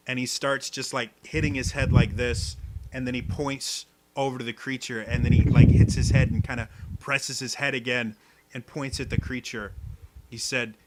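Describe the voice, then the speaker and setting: A man's voice: mid-range voice, very noisy. A man narrating as game master of a tabletop game, describing scenes with many fillers.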